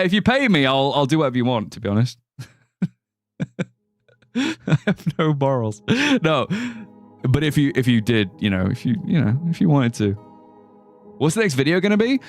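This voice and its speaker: A man live-streaming a game, chatting casually with his viewers in a rambling, joking way and laughing often. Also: a little high. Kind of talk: casual live-stream chat over gameplay. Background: faint music.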